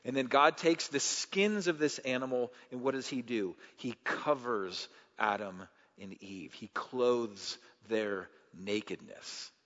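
A man preaching a sermon as pastor, swinging between loud impassioned passages and relaxed storytelling with fillers. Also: medium pitch, slow pace. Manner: rising to loud impassioned delivery, then easy conversational storytelling with fillers. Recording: dull sound with long hall reverb.

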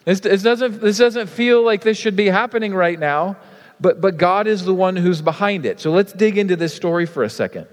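Male pastor, casual animated sermon, fairly high voice, long reverberant hall. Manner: casual and animated, many fillers.

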